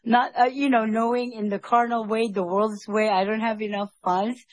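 A woman talking earnestly and emotionally about her faith and an upcoming trip, often halting and restarting. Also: fairly high pitch, steady tone, a little mellow, no room sound. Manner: speaks of God with devout fervor. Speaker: vlogger sharing a faith testimony. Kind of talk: heartfelt personal vlog.

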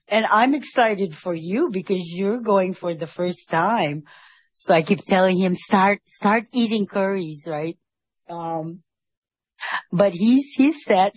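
A woman talking earnestly and emotionally about her faith and an upcoming trip, often halting and restarting. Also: medium pitch, a little mellow, no echo. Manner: speaks of God with devout fervor. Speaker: vlogger sharing a faith testimony. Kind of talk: heartfelt personal vlog.

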